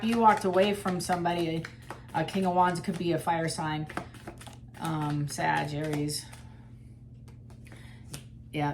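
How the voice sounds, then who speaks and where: A woman's voice: lowish voice, background noise. A woman giving a casual tarot reading to her viewers, chatty and blunt, with the odd swear word. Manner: chatty, blunt, mildly profane. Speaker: tarot reader.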